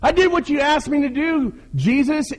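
A man's voice: very high voice, moderate pace, pitched above the performer's own voice. A man voicing a self-pitying male church leader who whines and pleads in a raised voice. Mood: whining. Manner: whiny, complaining, pleading.

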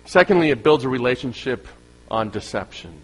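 A man preaching a sermon as pastor, speaking with animated emphasis, asking the congregation rhetorical questions and acting out voices of listeners. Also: mid-range voice, a little fast, husky, rough recording. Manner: acts out quoted voices of listeners.

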